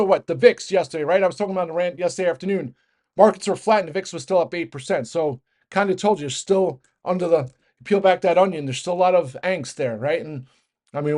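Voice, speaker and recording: A man giving a fast, rambling casual market rant as host, with many restarts and fillers. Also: on the high side, a little mellow. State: out of breath. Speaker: market commentator.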